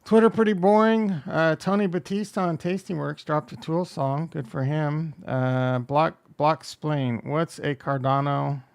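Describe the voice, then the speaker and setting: Gravelly, smooth-voiced casual streamer. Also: male voice, on the high side, steady tone, a little slow, hardly any pauses. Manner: rambling, jokey, self-deprecating, reads chat aloud. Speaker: crypto livestream host. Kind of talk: casual livestream commentary.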